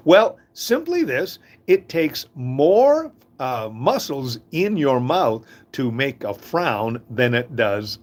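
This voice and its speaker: An older man gives an inspirational talk in a casual, folksy way. His voice swings high and low with lively energy. He often chuckles at his own stories. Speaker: host of a live talk.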